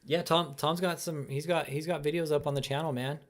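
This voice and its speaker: Brisk and steady in tone, his voice on the high side, the young live stream host keeps up an angry, profanity-laden tirade. He repeatedly tacks "dude" and "man" onto what he says.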